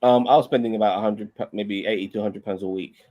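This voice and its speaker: A man with a fairly low voice chats loosely on a stream. He rambles, stumbles over repeated words and swears freely. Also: steady tone, quick pace, muffled recording. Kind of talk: casual chat.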